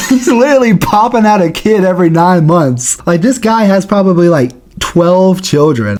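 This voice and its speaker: A man hosting a casual video countdown, talking in a slangy, joking way. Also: on the high side. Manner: slangy and jokey. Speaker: YouTube host. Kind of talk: casual commentary.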